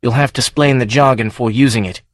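A man playing a gruff, irritable villager who talks bluntly and swears. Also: mid-range voice, fairly even intonation, quick pace, dry recording, studio quality, lightly acted. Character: gruff irritable male villager, worried about farms.

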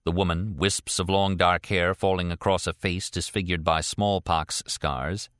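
A man with a deep voice reads a novel aloud, letting his pitch rise and fall widely as he tells it. The sound is close and completely dry, with no room around it. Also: fairly bright tone, no room sound. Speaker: audiobook narrator. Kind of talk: scripted narration.

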